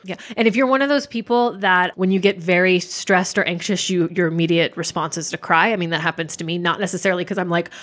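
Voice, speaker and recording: A woman's voice: lowish voice, fairly even intonation, fast, few pauses, fairly bright tone. A woman co-hosting a podcast, speaking candidly and thoughtfully about her own experiences in casual chat. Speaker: podcast co-host.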